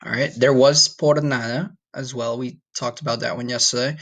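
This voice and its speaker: A man's voice: medium pitch, steady tone, fairly bright tone. Patient man teaching a recorded lesson. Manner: patient, repeats okay and all right often; says numbers slowly for students to repeat. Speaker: Spanish teacher.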